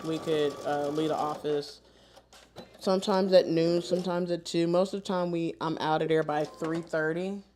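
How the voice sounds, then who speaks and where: Lively low-voiced woman storyteller. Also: normal speed, slight background noise. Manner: animated, colloquial storytelling, laughing often. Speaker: host of a live sewing stream. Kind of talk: casual chat while sewing live.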